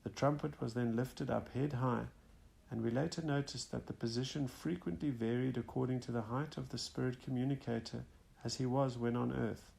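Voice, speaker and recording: Gravelly male audiobook narrator. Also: medium pitch, steady tone, normal speed, darkish tone. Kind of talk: first-person nonfiction audiobook reading.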